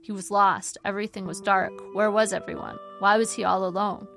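A woman reading her own memoir aloud in a dry, measured storytelling manner. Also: medium pitch, steady tone, gravelly, a bit bright, soft background music. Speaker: narrator.

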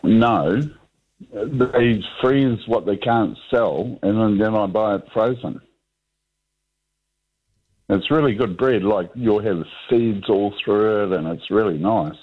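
A man's voice: fairly low pitch, slow, breathy edge. A man calling in to a talkback radio show, rambling and hesitant, with lots of ums and restarts. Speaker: radio caller. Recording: phone line.

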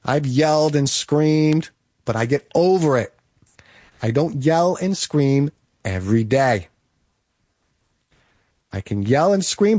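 A man's voice: a little high, darkish tone, slightly rough, no room sound, clean studio sound. A man speaking straight to the listener in a motivational monologue, emphatic and repetitive, with short punchy commands.

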